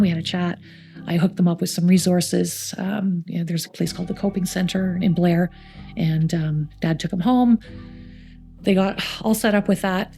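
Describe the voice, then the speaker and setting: Middle-aged Canadian woman, gravelly and mellow, youth centre coordinator, lively anecdotes with quoted voices. Faint guitar underneath. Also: fairly low pitch. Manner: warm anecdotal storytelling, acts out quoted voices. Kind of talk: storytelling interview.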